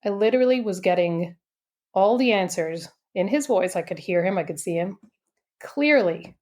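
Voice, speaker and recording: A woman guest on a podcast telling a personal story in an animated, chatty way, full of "like" and "you know". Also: medium pitch, moderate pace. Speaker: podcast guest, intuitive coach.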